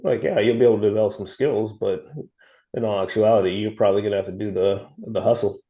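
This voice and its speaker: A man's voice: on the low side, fairly even intonation, fast, dark tone, low-quality recording. A man co-hosting a podcast in casual chat, blunt and emphatic, swearing freely. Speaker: podcast co-host.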